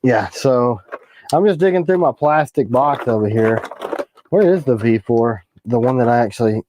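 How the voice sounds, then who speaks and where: A man's voice: mid-range voice, expressive, normal speed, background noise. A man hosting a casual knife-making livestream, rambling and joking as he shows off his gear and trails off mid-sentence. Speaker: knife maker and livestream host.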